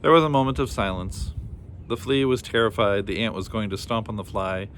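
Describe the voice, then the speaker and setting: A man's voice: on the low side, a little fast, a bit bright, a little hiss or hum. A man reading a children's picture book aloud, narrating plainly between the characters' voices. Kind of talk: children's storybook read-aloud.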